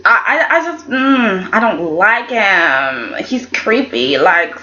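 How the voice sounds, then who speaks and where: A woman's voice: medium pitch, sing-song, slow, sharp tone, muffled recording, slight background noise. A woman casually reviewing a soap opera episode, chatty and opinionated, often acting out what the characters said. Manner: chatty and opinionated, acts out quotes in voices. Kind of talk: casual chat.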